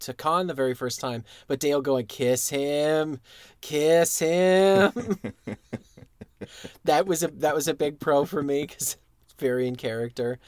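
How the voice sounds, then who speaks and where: A man's voice: mid-range voice, a little fast, no echo, studio quality. Laid-back, jokey man on a podcast. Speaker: podcast co-host. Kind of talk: casual chat.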